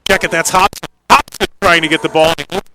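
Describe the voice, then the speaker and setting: A man doing live play-by-play commentary on an indoor soccer match, with quick calls that rise sharply on big plays. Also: on the high side, fairly even intonation, bright, forceful tone.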